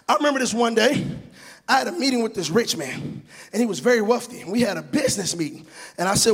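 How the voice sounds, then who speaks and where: A man preaching in a church with a strikingly high, husky voice that rises into chanted shouts. He tells stories with comic timing, and his words ring out with a long reverb from the big hall around him. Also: lively intonation, quick pace. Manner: chanting, shouted preaching cadence with humorous storytelling. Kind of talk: sermon. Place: church sanctuary.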